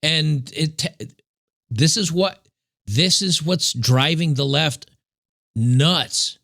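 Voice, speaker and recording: Gravelly sarcastic male commentator. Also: fairly high pitch, very slow, sharp tone. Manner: sarcastic, mocking. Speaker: commentary host. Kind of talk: reaction commentary.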